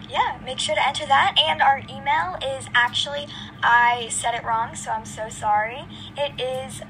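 A woman's voice: high voice, background noise. A young female podcast co-host chatting casually, giggly and playful. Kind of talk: casual chat.

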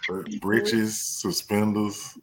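A man's voice: lowish voice, flat delivery, drawn-out words, background noise. A man hosting a casual group podcast, playful and teasing, often breaking into laughter. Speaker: podcast host.

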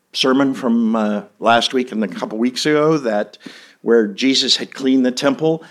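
A man's voice: medium pitch, a bit bright. Middle-aged pastor guy preaching, chatty and folksy, lots of ums. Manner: folksy, conversational, with fillers. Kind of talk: sermon.

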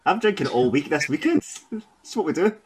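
A man's voice: fairly high pitch, big pitch swings, moderate pace, a crowd in the background. A man co-hosting a casual interview, eager and friendly.

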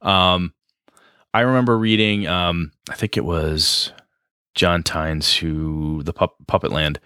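Low-voiced rambling man, podcast host. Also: slow pace, clear, resonant tone, no echo, studio quality. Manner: rambling, animated, self-deprecating. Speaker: podcast co-host, game master. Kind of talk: casual chat.

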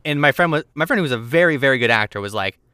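Bright, crisp-voiced male host. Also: medium pitch, expressive, rapid-fire, no echo, studio quality. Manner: brief agreeing replies, questions. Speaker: podcast host. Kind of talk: casual chat.

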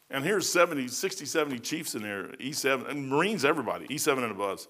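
A man's voice: medium pitch, lively intonation, quick pace, few pauses, a bit bright. A middle-aged man, a pastor, giving a verse-by-verse sermon in a folksy, conversational way with personal stories.

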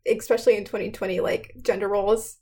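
A young woman giving a casual, chatty history explainer, full of fillers and quick laughs. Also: medium pitch, fairly even intonation, darkish tone, breathy edge. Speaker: student presenter.

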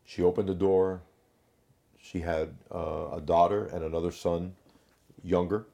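A former investigator talks through a hard case in a measured, conversational way. His voice sits very low, with a dark and mellow tone. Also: level tone, vocal fry. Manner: measured, recounts cases with quoted dialogue. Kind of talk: conversational storytelling.

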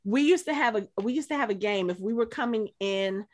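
A woman's voice: on the high side, fairly quick. A woman co-hosting a podcast, telling stories in casual chat with many fillers. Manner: chatty, storytelling, lots of fillers. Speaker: podcast co-host.

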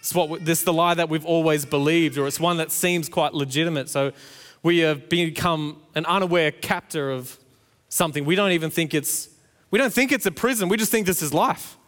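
A man's voice: on the high side, brisk, a bit bright. A man, preaching a sermon and telling a family story, acting out the playful quotes. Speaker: pastor. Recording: long hall reverb.

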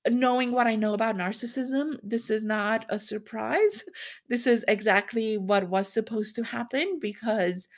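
A woman's voice: fairly high pitch, lively intonation, unhurried. A woman in her thirties hosting a solo podcast, talking candidly and in a rambling way, often laughing as she speaks. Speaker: podcast host.

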